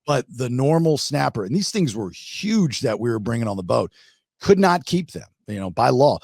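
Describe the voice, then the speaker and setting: A middle-aged man hosting a podcast, telling a fishing story in a casual, animated way with many restarts. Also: medium pitch, moderate pace, gravelly, dry recording. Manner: animated, restarts a lot, acts out shark growls. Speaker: podcast host.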